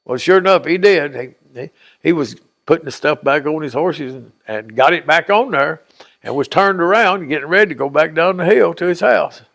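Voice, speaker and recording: A man's voice: a little high, lively intonation, normal speed, vocal fry, fairly bright tone. An older man being interviewed, telling a childhood story in a folksy, rambling way and acting out the voices of the people in it. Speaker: oral history interviewee.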